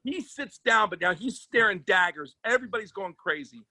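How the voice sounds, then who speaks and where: Male comedian guest, punchy and profane raconteur, bright tone, close dry mic. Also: high-pitched, lively intonation, fairly quick, no room sound. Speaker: comedian and sports agent guest. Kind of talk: animated comic storytelling.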